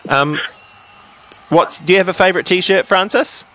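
A man's voice: high-pitched, moderate pace, sharp tone. A man hosting a radio show, chatting encouragingly with a child caller. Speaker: radio host.

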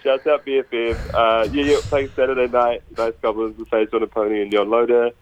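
A man's voice: medium pitch, little pitch movement, brisk, dull audio, a little hiss or hum. A man, a musician calling in to a radio show, easygoing and self-deprecating. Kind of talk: phone-in radio interview.

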